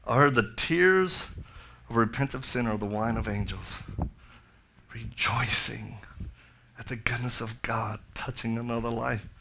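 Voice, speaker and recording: A man's voice: medium pitch, moderate pace, bright, forceful tone, slight background noise. A middle-aged male pastor preaching a sermon, telling a story with jokey asides and then building to fervent appeals.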